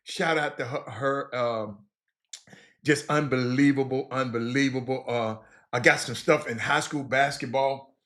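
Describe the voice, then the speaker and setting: Bright-voiced man chatting loosely. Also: medium pitch, fairly even intonation, unhurried. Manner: repetitive, stop-start, informal slang. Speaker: livestream host. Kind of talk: casual rambling chat to viewers.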